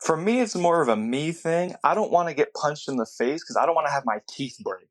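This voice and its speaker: A man in casual podcast chat, relaxed and quick to laugh along with short reactions. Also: a little high, slight background noise.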